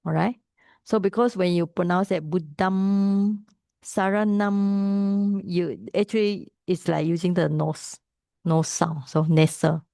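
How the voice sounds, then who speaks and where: A woman with a Malaysian English accent teaching Pali pronunciation, patiently repeating sounds slowly. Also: medium pitch, creaky, dark tone, no room sound, clean studio sound. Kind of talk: pronunciation lesson.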